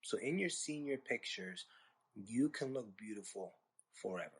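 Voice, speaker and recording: A man's voice: fairly low pitch, lively intonation, normal speed, breathy edge. A man hosting a storytelling podcast, talking in a rambling, conversational way with sarcastic asides. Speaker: podcast host. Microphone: podcast microphone.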